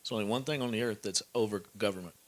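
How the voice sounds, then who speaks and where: A man's voice: lowish voice, racing. A man speaking at a live event, giving blunt, preachy advice and checking that his listeners follow.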